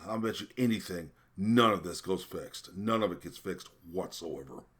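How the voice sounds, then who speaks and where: An indignant man with a very low voice rants through a list of spending figures. He swears, trips over his words and leans on fillers as his anger builds. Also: normal speed, fairly bright tone. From American. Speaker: vlogger. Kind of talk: ranting commentary.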